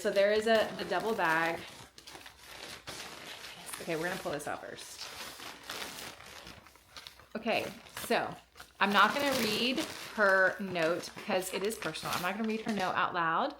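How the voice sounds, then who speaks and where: A woman vlogger unboxing a package in a casual, excited way, gushing and close to tears. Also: medium pitch, moderate pace, long pauses, noisy background.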